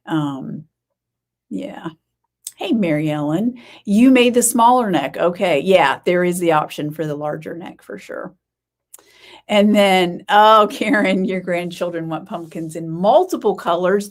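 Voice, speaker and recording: A woman hosts a casual live-stream chat in a slightly low voice. She rambles easily, with lots of ums and quick self-corrections. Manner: chatty, rambling, many fillers and self-corrections. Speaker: podcast host.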